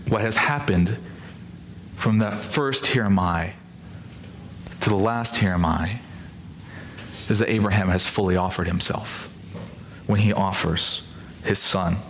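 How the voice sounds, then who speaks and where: Man preaching an expressive sermon. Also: low-pitched, a little slow, pauses often, slight background noise. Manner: expressive preaching, acts out quoted speech. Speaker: pastor.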